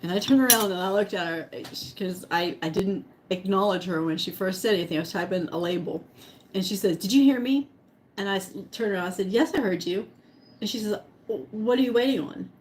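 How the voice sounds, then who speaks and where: Speaking briskly in a medium-pitched voice, a middle-aged vlogger shares a story with her live chat. She laughs frequently and keeps eating between words.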